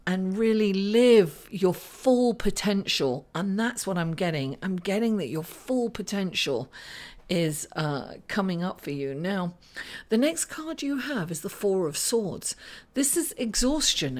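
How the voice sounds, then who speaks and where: A woman's voice: fairly low pitch, darkish tone. A woman astrologer giving a weekly tarot forecast to camera in a chatty, rambling way, with many fillers and restarts. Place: indoors in front of a green screen.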